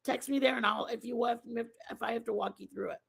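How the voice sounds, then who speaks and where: A woman's voice: fairly high pitch, fairly even intonation, fast talker, vocal fry. A woman hosting a casual live stream, rambling and chatting with her viewers and answering their messages by name.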